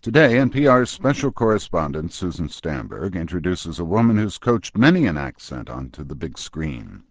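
A man's voice: sits low, very animated, no echo. A male news radio host reading a polished scripted introduction. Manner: measured, polished announcing.

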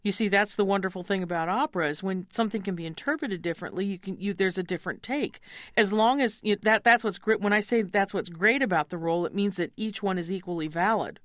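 In a studio-quality recording with no room sound, a middle-aged opera singer appears as a mezzo-soprano guest in an interview conversation. Her medium-pitched voice is thoughtful and candid as she discusses her roles and patiently walks through pronunciation.

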